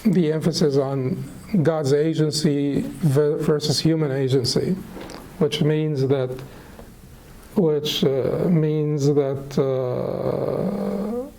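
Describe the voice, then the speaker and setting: A middle-aged man teaching a lecture on spirituality, unhurried and thoughtful, pausing with fillers and restarting phrases. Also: fairly high pitch, warm tone, a little hiss or hum, poor audio. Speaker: Islamic studies teacher.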